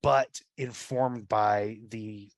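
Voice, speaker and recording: A man's voice: fairly low pitch, fairly even intonation, very slow, no echo. A man playing a tabletop role-playing game, describing what his character does in a rambling, casual way. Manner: rambling, with many fillers like "like" and "right?". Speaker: player.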